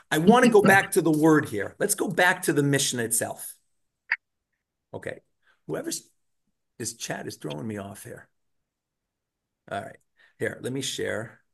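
A man teaching a Torah class over a video call, telling stories in an animated way and acting out the shouting scenes in them. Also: fairly high pitch. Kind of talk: online class lecture with storytelling.

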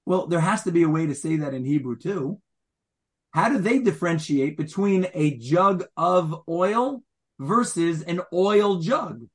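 Male teacher giving a Torah class; slightly high voice; explains Hebrew wording and quizzes the room. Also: measured pace.

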